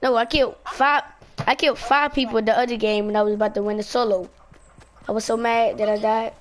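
A woman streaming a game live, chatting to herself and other players with teasing, excitable commentary on a headset. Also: a little high, a little fast. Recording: steady noise behind the voice.

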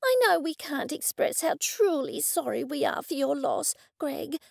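A woman voicing a sincere, eccentric hostess who speaks gently and earnestly. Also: high voice, sing-song, normal speed, vocal fry, no room sound, clean studio sound, voice pushed up, heavily acted. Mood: consoling. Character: sincere, soothing eccentric woman hosting a dinner.

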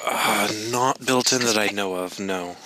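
A man moderating a live online class, answering in a low-key, matter-of-fact way. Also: a little slow, bright, forceful tone, slight background noise, low-quality recording.

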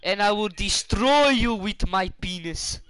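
A young man voicing a loud, strict immigrant father scolding his son in a high, slow, emphatic bellow. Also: clear, resonant tone, no echo. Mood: angry scolding.

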